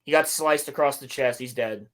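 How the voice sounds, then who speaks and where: A man's voice: mid-range voice, moderate pace. A man hosting a podcast, recapping a show in a rambling, sarcastic, casual way with some swearing. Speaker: podcast host reviewing a show. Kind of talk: casual chat.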